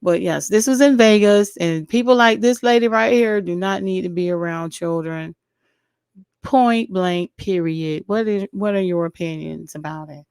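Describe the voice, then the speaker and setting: A woman's voice: on the low side, normal speed, a little mellow, clean tone, dry recording, studio quality. Blunt woman vlogger with a weak, allergy-worn voice. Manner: blunt, opinionated, chatty, talks straight to viewers. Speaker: YouTube commentary host. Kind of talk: casual commentary vlog.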